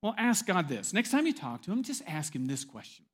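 A man's voice: high voice, big pitch swings, brisk, fairly bright tone, full character voice. A man doing a bemused male professor. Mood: earnest. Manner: skeptical, humoring.

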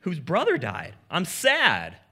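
A laid-back, slangy Jesus who chats like a buddy, as a preacher puts him on. The voice is bright and forceful and moves widely in pitch, sitting a touch high. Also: male voice, wildly swooping pitch, slow, slightly rough, full character voice. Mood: casual. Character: Jesus as a casual, modern-talking man.

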